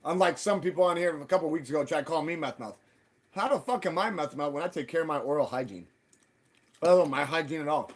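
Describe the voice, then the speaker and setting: A husky man on a live stream, going off in a loose, profane rant. His voice sits a little high for a man and gets loud and animated when he acts out what others said. Casual, blunt and unfiltered throughout. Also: fast talker. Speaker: livestream host. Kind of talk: casual profane ranting monologue.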